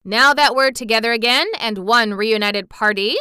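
A woman's voice: fairly high pitch, moderate pace, pushed and bright, smooth, dry recording, studio quality, voice pushed up. A woman reading aloud, voicing a friendly, shaggy wandering man from a storybook in an easygoing tone. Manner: reproachful, easygoing.

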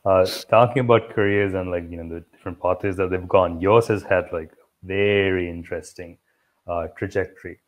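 A male host with a Sri Lankan English accent and a fairly low voice. He asks his questions eagerly and hesitantly, with many fillers. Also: steady tone, a little fast. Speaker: interviewer, host. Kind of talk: interview questions.

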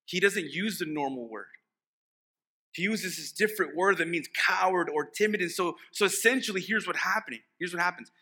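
Bright-voiced pastor preaching a sermon. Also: male voice, high voice, brisk. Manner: conversational preaching, emphatic, with jokes and restarts.

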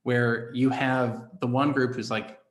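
A man hosting an interview in a relaxed, chatty way, with fillers. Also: medium pitch, slow. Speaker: podcast host. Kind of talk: conversational interview. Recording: echoey room sound.

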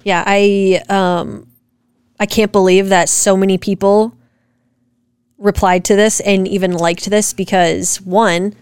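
A woman co-hosting a casual chat with her husband, talking in an animated, direct and profane way as she argues her point. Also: medium pitch, slow, clear, resonant tone, no echo, studio quality. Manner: animated, direct and profane, rants with rising emphasis. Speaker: co-host, wife. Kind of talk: casual podcast chat reacting to comments.

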